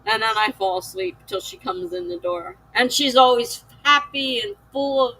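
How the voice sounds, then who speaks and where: A slightly high, sharp-toned woman's voice with fairly even intonation, captured on low-quality audio. She's from the United States and, weary and slow, chats casually with live-stream viewers while reading their messages, often laughing.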